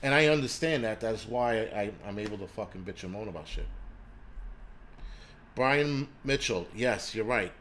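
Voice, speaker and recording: This U.S. livestream host has a lowish, fairly bright voice and a moderate pace, with a little hiss or hum in the recording. He rants angrily and profanely, stammering and restarting, while reading and answering comments from chat.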